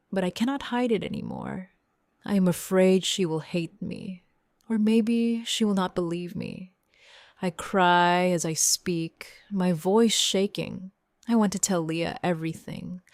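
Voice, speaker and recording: A young woman narrating a first-person story in slow, simple, clear sentences for English learners. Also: fairly low pitch, a little mellow, no room sound, studio quality. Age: young adult. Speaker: audiobook narrator.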